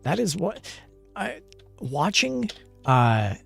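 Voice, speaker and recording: A man streaming casually, his gravelly voice swinging widely in pitch as he laughs and rambles. He reads viewer messages aloud and pokes fun at his own mistakes, with faint music playing behind him. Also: big pitch swings, takes it slowly, a bit bright. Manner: self-deprecating, rambling. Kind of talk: casual live-stream chat.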